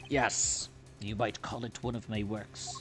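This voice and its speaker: A man doing a hushed Russian-accented forger. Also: flat delivery, a little slow, music in the background, close to an everyday voice. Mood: sly. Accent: put-on Russian. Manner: low, mumbling, hushed. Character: quiet sly male forger with a Russian accent. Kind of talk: reading game dialogue aloud.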